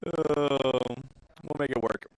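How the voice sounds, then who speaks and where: A man's voice: medium pitch, takes it slowly, dry recording, poor audio. Guy casting a game tourney live, talks a lot to fill the gaps, dry mic sound. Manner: chatty, filling dead air. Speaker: shoutcaster. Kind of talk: esports commentary.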